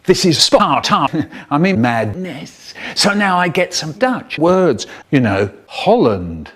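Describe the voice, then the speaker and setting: Animated man telling stories. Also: a little high, takes it slowly, a crowd in the background. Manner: animated, playful, exaggerated voices and swoops. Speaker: children's storyteller. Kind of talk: comic storytelling, spliced edit.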